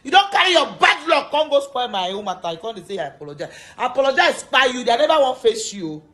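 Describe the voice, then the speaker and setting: Woman, Nigerian Pidgin accent, very high voice, swinging intonation, accusatory rant. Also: very animated, fast, fairly bright tone. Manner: accusatory, repetitive, mixes Pidgin and English. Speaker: actress addressing a former friend. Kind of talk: confrontational video rant.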